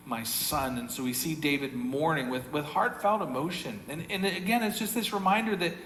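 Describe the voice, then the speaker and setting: A man's voice: high-pitched, a bit bright. A man with an American accent preaching a sermon as pastor, in a conversational way that repeats key phrases, with the odd chuckle. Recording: echoey hall with mains hum.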